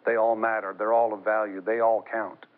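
Middle-aged guy preaching, animated storyteller, tinny phone-line sound. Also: moderate pace. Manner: animated, rising high and laughing when telling stories. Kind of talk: sermon with storytelling.

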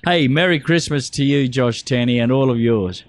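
A man hosting a casual radio show, teasing callers and laughing often. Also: medium pitch.

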